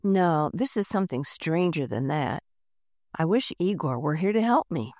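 A woman voicing a curious, clever schoolgirl inventor in a storybook reading, talking in a brisk, determined way. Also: low-pitched, animated, a little mellow, dry recording, studio quality.

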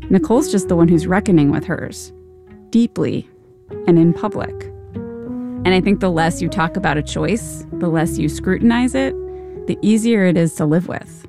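A woman host giving measured, reflective scripted narration. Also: fairly low pitch, vocal fry. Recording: narration over guitar music. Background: guitar music.

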